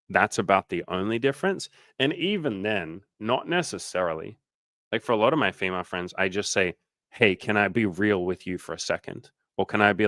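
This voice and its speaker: A man's voice: deep voice, a bit bright, no room sound. A man working as a dating coach, answering questions on a casual livestream in a candid, loose way, swearing freely and using lots of fillers.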